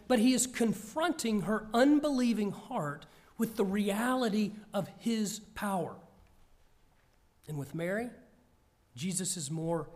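Slow, high-voiced male preacher. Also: a little mellow. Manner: slow, measured, earnest delivery. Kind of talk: scripture reading and sermon.

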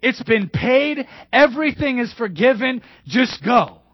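A man voicing a merciful king who softly hushes and forgives a servant. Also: very high-pitched, lively intonation, unhurried, slightly rough, no room sound, muffled recording, heavily acted. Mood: gentle. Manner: soft, hushing.

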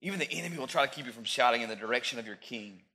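Bright-voiced man preaching a sermon. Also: medium pitch, expressive, rapid-fire. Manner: preaching with sudden loud peaks, joking asides. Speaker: pastor.

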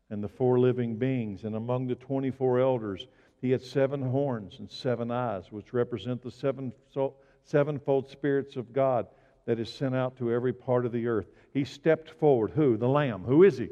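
Dramatic preacher in a reverberant hall. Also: male voice, medium pitch. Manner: dramatic, swings from loud exclamations to hushed lines. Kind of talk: sermon. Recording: dull sound with long hall reverb.

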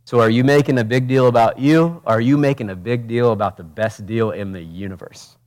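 A man's voice: medium pitch, a little fast. Passionate man preaching a sermon. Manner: passionate, swings from loud urgent peaks to quiet intimate asides; preaches with rhetorical questions and acted quotes. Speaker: pastor.

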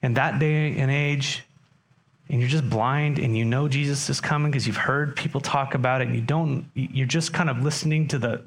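A man's voice: mid-range voice, steady tone, normal speed. A man preaching a sermon as pastor, talking conversationally and putting questions to his congregation.

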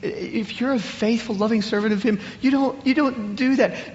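A man preaching a sermon in an animated way, often repeating words as he builds up. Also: very high voice, moderate pace, big-room sound, dull audio. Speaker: pastor.

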